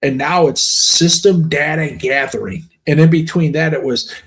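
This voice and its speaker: Guy in his middle years, kinda raspy fry in the voice, blunt and cussing, just ranting about schools. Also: a little high, normal speed, a bit bright. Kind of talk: casual storytelling chat.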